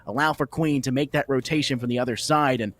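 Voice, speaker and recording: Male esports caster from the US South, mid-pitched, easygoing and laugh-prone, faint noise behind. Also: steady tone, fast talker. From Southern United States. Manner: laughs easily, chatty asides. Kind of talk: play-by-play commentary.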